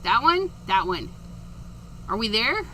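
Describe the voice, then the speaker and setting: A woman's voice: a little high, very animated, takes it slowly, bright, forceful tone, slight background noise. A tired woman hosting a casual craft livestream, giggling and chatting as she reads out viewer comments. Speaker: livestream host.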